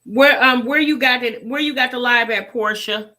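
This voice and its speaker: A woman hosting a reaction channel, giving animated casual commentary straight to her viewers. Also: a little high, moderate pace.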